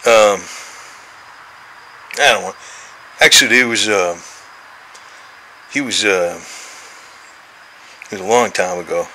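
Older man in his 60s, low-pitched and very bright, meandering, profane cat-owner chatter. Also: takes it slowly, long pauses, slight background noise, poor audio. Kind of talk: rambling casual chat to his cats.

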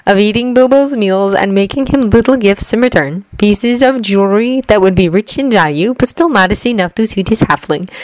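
A woman reading a fanfiction story aloud at a gentle, even pace, lightly acting out the dialogue. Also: medium pitch, no echo, rough recording. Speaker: fanfiction reader.

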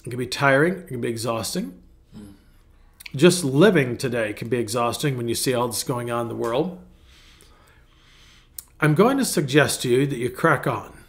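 A man's voice: medium pitch, expressive, normal speed, long pauses. A man pastor who gives a casual devotional talk, rambling and correcting himself as he goes. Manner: rambling, self-correcting, clears throat.

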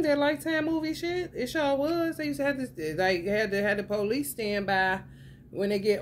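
A woman with a fairly high voice chats loosely with her viewers as a tarot reader, swearing freely. She keeps leaping into excited, laughing retellings of her own reactions. A light background noise sits under the recording. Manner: animated, profane, swings into excited high-pitched retellings with laughter. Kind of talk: casual spiritual chat to viewers.

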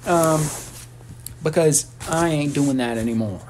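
A man's voice: on the high side, a little slow, darkish tone, slight background noise. Rambling, profane man ranting on a livestream. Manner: rambling, profane, with sudden squealing outbursts. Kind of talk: casual livestream rant.

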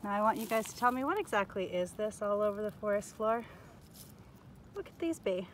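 A teacher leads children through a nature lesson while walking a forest trail, posing curious questions to her viewers. Her middling-pitched voice is expressive and a little fast. She's recorded outdoors on a handheld phone, with faint forest ambience and slight background noise.

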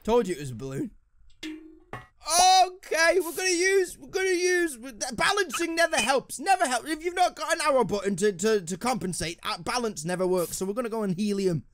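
A man's voice: extremely high pitch, very animated, moderate pace, a bit bright, no echo. A man with a British accent doing sarcastic let's play commentary, swearing and muttering to himself. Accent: British English. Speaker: gaming YouTuber. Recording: game music behind.

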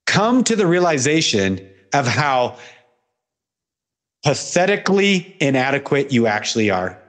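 A man's voice: big pitch swings, unhurried. A man, a pastor hosting a guest, preaching fervently in conversation with repeated litanies. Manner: fervent, repetitive litanies, swings from loud peaks to low murmurs.

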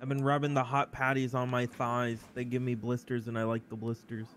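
A man playing an odd, defensive male fast-food worker who rambles and swears. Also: mid-range voice, completely flat delivery, noisy background, natural voice. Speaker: employee being questioned.

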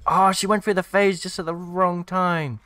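A man's voice: high-pitched, steady tone, moderate pace, bright, forceful tone, slight background noise. A man giving casual commentary over gameplay, cheering at the screen and mocking the players he watches. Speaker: gaming commentator.

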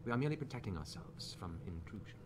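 A man voicing an elegant, scheming noblewoman in a silky, measured tone over noisy stream audio. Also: low-pitched, sing-song. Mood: soothing.

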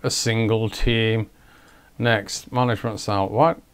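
A man's voice: fairly low pitch, fairly even intonation, a little slow, clear, resonant tone. A man with a rambling, self-mocking manner, commenting casually on a game as he clicks through menus. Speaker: gaming video host.

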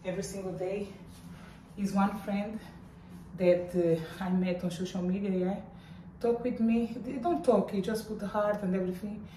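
A middle-aged woman vlogging casually in while in pain after surgery, talking in a strained, halting way with groans. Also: mid-range voice, distant mic, noisy background. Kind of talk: casual vlog. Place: hospital room. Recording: echoey room, voice off-mic at times.

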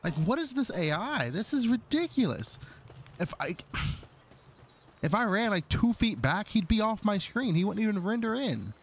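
Animated gamer man, exasperated commentary. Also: high-pitched, normal speed. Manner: exasperated, talks to his creature. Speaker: gaming YouTuber. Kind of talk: Let's Play commentary.

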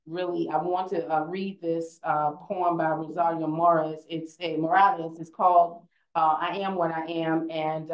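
A woman's voice: low-pitched, reverberant, muffled recording. A young woman speaking on a conference panel, earnest and conversational, often restarting her sentences.

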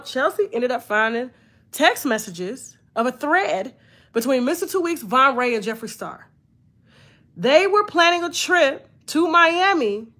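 A woman's voice: high voice, a bit bright. A woman hosting a gossip show, talking in heated casual commentary, profane and emphatic, repeating lines for emphasis.

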